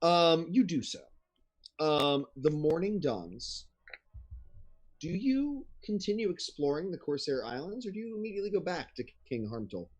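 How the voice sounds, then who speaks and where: A man running a tabletop game as its game master, in a slightly high voice that moves a lot in pitch. He talks casually, with plenty of ums and uhs. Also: big pitch swings, normal speed, slightly rough. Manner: casual, lots of fillers.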